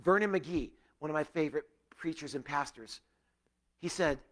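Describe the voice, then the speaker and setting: A male pastor preaching a sermon to a gathered church, earnest, rising to emphatic peaks and dropping to hushed, quiet stretches. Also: normal speed. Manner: earnest, swinging between raised emphasis and hushed, low passages.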